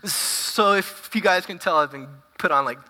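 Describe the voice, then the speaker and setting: Woman pastor, casual sermon, very bright voice, stumbling repeats, long hall reverb. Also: lowish voice, moderate pace. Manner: casual, animated, stumbling repetitions.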